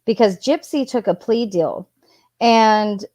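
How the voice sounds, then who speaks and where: A woman's voice: medium pitch, slow pace, warm tone, no room sound, studio quality. A woman casually reading out text messages and adding her own blunt asides. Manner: chatty, reads messages aloud with asides. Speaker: true crime commentator.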